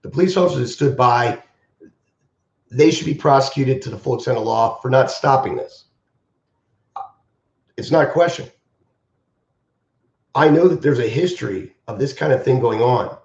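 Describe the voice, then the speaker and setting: A man who teaches martial arts speaks on a live stream in an impassioned, emphatic monologue and drives his points home by repeating them. His voice sits at a middle pitch. The audio is roomy and dull, like lo-fi stream sound. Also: normal speed, pauses often, a little mellow.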